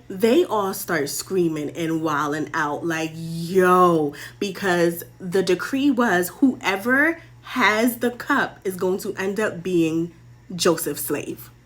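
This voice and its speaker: Young woman, slangy playful storyteller, casual Bible retelling, animated. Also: mid-range voice. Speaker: host.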